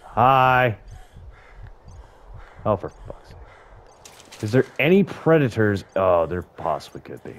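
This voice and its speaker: A man's voice: on the low side, sing-song, slow pace, pauses often. A young man giving casual, profane gameplay commentary, joking and talking to the creatures on screen. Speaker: gaming YouTuber.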